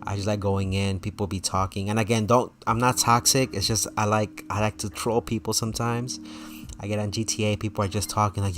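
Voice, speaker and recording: A man's voice: fairly low pitch, little pitch movement, brisk, a bit bright. A man streaming a game and chatting casually with his viewers, laughing often. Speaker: gaming streamer. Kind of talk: casual live-stream chat.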